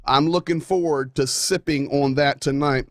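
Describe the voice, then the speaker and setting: A man's voice: on the high side, fairly even intonation, moderate pace, dry recording, studio quality. A man hosting a talk show, delivering a folksy, emphatic monologue with playful asides. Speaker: show host.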